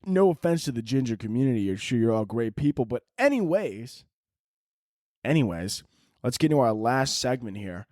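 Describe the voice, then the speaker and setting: A man's voice: medium pitch, sing-song, normal speed, a little mellow, dry recording, studio quality. Rambling man with a crude sense of humor. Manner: rambling, crude jokes, self-mocking. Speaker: podcast host. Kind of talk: solo podcast chat.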